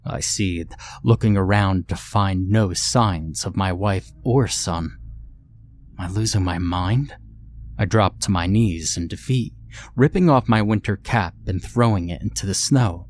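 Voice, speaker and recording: Brief: male horror narrator, low voice, slow brooding read. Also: slight background noise. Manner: measured, brooding delivery. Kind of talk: scripted horror story narration.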